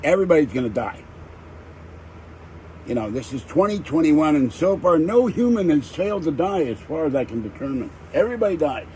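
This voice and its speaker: A man's voice: a little high, big pitch swings, a little fast, mellow, a little hiss or hum, rough recording. An older man hosting a livestream, ranting irritably in a rambling casual chat. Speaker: livestream host.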